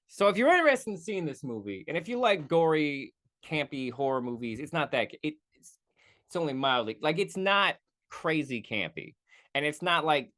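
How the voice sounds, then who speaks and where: A man's voice: fairly high pitch, a bit bright. Rambling man reviewing a movie. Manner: rambling, self-correcting, quick mock voices; profane asides. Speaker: podcast host. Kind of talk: casual solo movie review.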